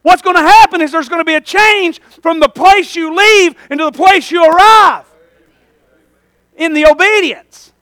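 Male pastor, very high and forceful voice, fervent sermon, folksy, calls for amen, dry close sound. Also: normal speed, no echo.

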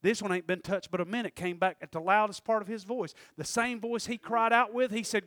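A man preaching a sermon in church, talking in quick asides and rising to sudden shouted peaks. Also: high voice, no room sound, studio quality. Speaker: pastor.

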